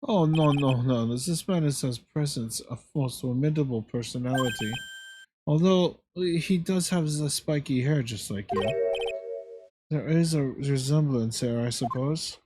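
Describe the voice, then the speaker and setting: A man voicing a timid, frightened woman client who speaks in halting, stilted phrases. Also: mid-range voice, lightly acted. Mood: nervous. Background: loud game music.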